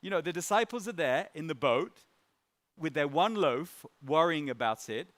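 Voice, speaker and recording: Speaking at normal speed in a fairly bright voice on the high side with lively intonation, a middle-aged man delivers a sermon. He keeps it light and conversational, chuckling through stories and often using fillers and restarting.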